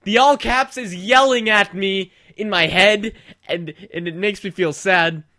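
A man co-hosting a casual online show, chatting in an animated, rambling way with restarts. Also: high-pitched, measured pace, no room sound, clean studio sound. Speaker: co-host. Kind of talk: casual chat.

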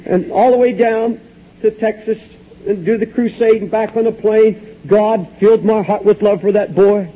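A man preaching a sermon, fervently retelling a story with quoted dialogue, swinging from hushed low passages to high, urgent ones. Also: fairly even intonation, moderate pace. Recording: dull lo-fi old recording.

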